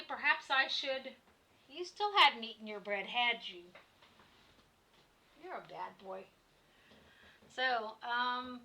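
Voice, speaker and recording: Brief: Vincenzo, pompous middle-aged innkeeper who scolds his boy, read aloud by a woman, bright and forceful. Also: fairly high pitch. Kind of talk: reading game dialogue aloud in voices.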